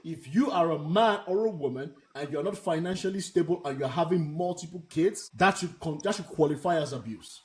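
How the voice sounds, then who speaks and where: A man's voice: fairly high pitch, a little fast, hardly any pauses, a little mellow. A man hosting a live panel discussion, talking bluntly and emphatically and repeating his points. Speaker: host.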